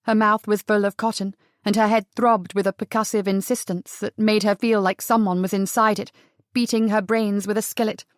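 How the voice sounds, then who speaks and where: A woman reading an audiobook romance as narrator, telling the story in an even, intimate way. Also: medium pitch, moderate pace, no echo, studio quality. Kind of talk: scripted narration.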